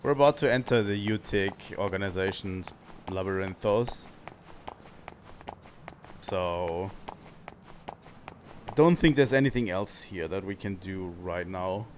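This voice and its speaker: A man's voice: low voice, unhurried, pauses often, a little mellow, a little hiss or hum. A young man streaming a video game, musing aloud and reading the game's dialogue, sometimes stumbling over words. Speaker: gaming streamer. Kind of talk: casual let's-play commentary, reading game dialogue aloud.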